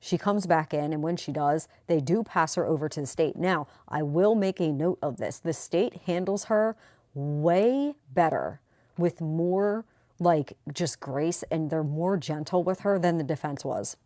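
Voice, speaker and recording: Low-pitched woman chatting thru a trial recap, dead dry mic, talks fast and animated. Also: dry recording. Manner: chatty, animated retelling with quoted voices. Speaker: true crime commentator. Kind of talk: casual recap vlog.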